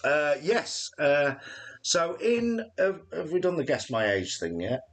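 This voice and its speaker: A man's voice: on the high side, big pitch swings, slow pace. A man in his late forties, co-hosting a live Q&A stream with a joking, rambling manner full of fillers. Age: 40s. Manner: jokey and rambling, with many fillers. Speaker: channel co-host.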